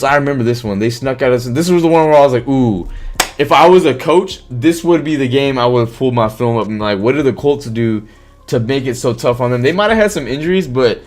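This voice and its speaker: Animated man talking football on stream. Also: medium pitch. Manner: animated, swears, reads chat comments aloud. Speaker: live stream host. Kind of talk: casual sports talk on a live stream.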